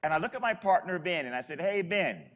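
A man's voice: on the high side, big pitch swings, very fast, dull audio. A man from Florida, a Catholic priest, telling a story in a sermon in a chatty, folksy way.

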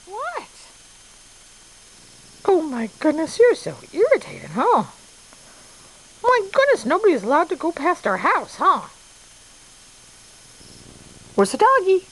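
A woman's voice: high-pitched, wildly swooping pitch, takes it slowly, pauses often, a bit bright, poor audio. A woman at home coaxing her dog in sing-song baby talk, over faint background noise. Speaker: dog owner. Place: home indoors.

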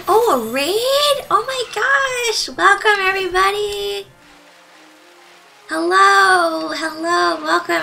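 A woman's voice: very high voice, gravelly, pushed and bright, low-quality recording. A woman streaming a video game live, chatting with viewers in a bubbly, gushing way, giggling and thanking them. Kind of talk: live gaming stream commentary.

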